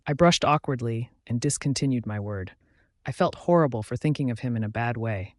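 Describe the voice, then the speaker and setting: A man reads a first-person romance audiobook in a steady, expressive way. His voice is at a middle pitch, and the recording is dry and close to the mic. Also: moderate pace, no echo. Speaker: audiobook narrator.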